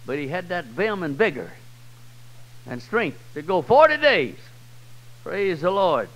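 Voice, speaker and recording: A man with a Southern US accent preaching a sermon, swinging from loud, high cries to low, quiet passages. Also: big pitch swings, unhurried, dull audio. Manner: swells loud and high then drops low and soft. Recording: old 1990s church tape.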